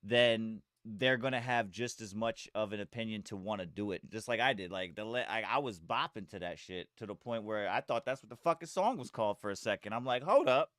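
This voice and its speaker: A man hosting a podcast in casual chat, excitable and slangy, calling people "bro". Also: on the low side, brisk, few pauses, dry recording, studio quality. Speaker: podcast host.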